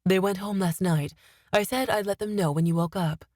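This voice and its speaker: A woman voicing a worried, scolding middle-aged mother in an audiobook, in a measured way. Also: mid-range voice, darkish tone, no echo, clean studio sound, lightly acted.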